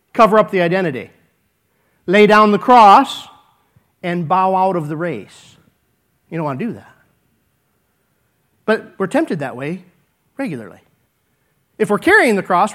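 A man preaching a sermon, earnest and repetitive, swinging between emphatic lines and hushed ones. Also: very high-pitched. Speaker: pastor.

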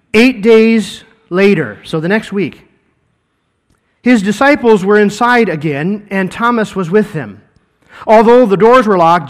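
A man's voice: high-pitched, in a large hall. A pastor preaching a sermon in a church, retelling scripture dramatically and repeating words as he goes. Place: church sanctuary.

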